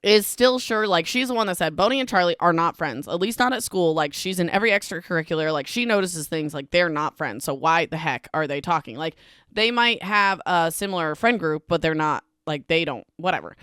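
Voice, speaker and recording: A woman's voice: fairly low pitch, lively intonation, fairly quick, fairly bright tone, smooth, dry recording, studio quality. A young woman hosting a book podcast, chatting casually through a chapter recap with lots of fillers and wry asides.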